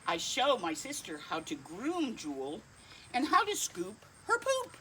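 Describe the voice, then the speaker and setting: A woman reads a children's picture book aloud at an unhurried pace. Her pitch climbs and dips playfully. She pauses to chat kindly with her dog between pages. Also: slight background noise. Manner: slow, lively, kindly reading with asides to a pet dog. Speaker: storytime reader.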